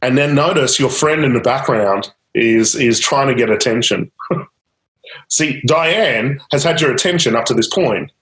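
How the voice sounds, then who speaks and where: Man, coach, mid-pitched voice, guiding prompts, echoey room. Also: unhurried, fairly bright tone. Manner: guiding, repeats prompts, laughs lightly. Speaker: change-technique coach. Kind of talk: live coaching demonstration.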